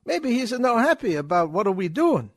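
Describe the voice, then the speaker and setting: A boisterous mock-Italian comic schemer, put on by a man reading aloud, mangling his English with gusto. The voice sits high and leaps around lively, loud and bright. It is recorded dry and close. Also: fairly quick, dry recording, heavily acted. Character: brash wisecracking male schemer, mock-Italian.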